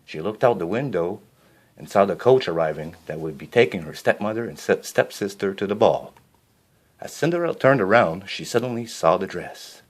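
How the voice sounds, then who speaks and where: Low-voiced male storybook reader. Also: normal speed. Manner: expressive with small slips and restarts. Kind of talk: reading a children's storybook aloud.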